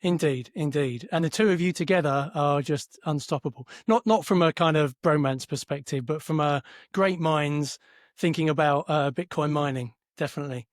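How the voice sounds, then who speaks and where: A man's voice: fairly high pitch, moderate pace, no echo, clean studio sound. A man hosting a podcast in a friendly, affirming way, with some hesitant fillers. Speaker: podcast host. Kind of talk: casual interview chat.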